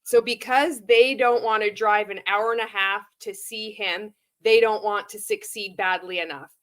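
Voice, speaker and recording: A woman's voice: mid-range voice, steady tone, moderate pace, fairly bright tone. Sarcastic woman reacting to a clip. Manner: sarcastic, laughing, profane. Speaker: commentary vlogger. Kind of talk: reaction commentary.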